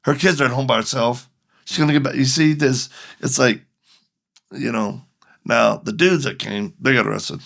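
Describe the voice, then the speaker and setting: A man's voice: mid-range voice, normal speed, gravelly, fairly bright tone. A middle-aged man, a ministry leader and podcast guest, telling a story animatedly, acting out both sides of the dialogue.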